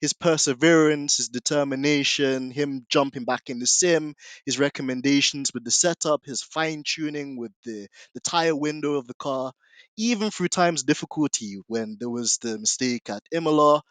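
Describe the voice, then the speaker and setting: A man's voice: medium pitch, normal speed, a bit bright, no room sound. A man, a podcast guest in casual chat, talking in an enthusiastic, hyperbolic way.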